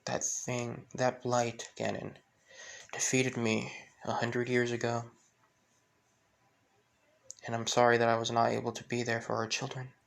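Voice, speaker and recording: Soft apologetic ghost mom, a guy reading her, flat even voice, fan story. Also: medium pitch, unhurried, gravelly, pauses often. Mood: tender. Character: gentle ghostly young wife and mother.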